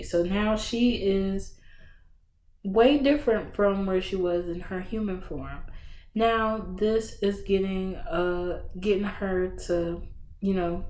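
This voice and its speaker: A woman hosting a book podcast, casually retelling a story with slangy, animated bursts and acted-out reactions. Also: mid-range voice. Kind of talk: casual book review chat. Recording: roomy echo.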